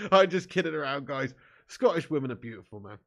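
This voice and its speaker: A chatty man from the south of England, hosting a live football watch-along. His voice sits a little high for a man. He reads out viewer comments and trades banter, laughing often. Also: a bit bright. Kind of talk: casual live-stream chat, reading out viewer comments.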